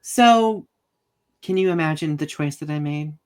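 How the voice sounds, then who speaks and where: A man's voice: a little high, a little slow, a little mellow, clean tone. A man co-hosting a casual podcast chat, enthusiastic and full of questions. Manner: enthusiastic, asks many questions. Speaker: podcast co-host. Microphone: home setup on a live video podcast.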